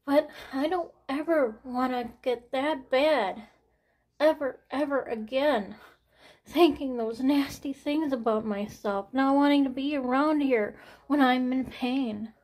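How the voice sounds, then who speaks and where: A woman in her forties speaks slowly in a somewhat high voice, anxious and close to tears. Her talk is halting and full of restarts and sighs. She swears freely as she talks candidly to her viewers. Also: a little mellow. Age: 40s. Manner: halting, swearing, sighing, repeats herself. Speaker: vlogger. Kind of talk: candid personal vlog talk.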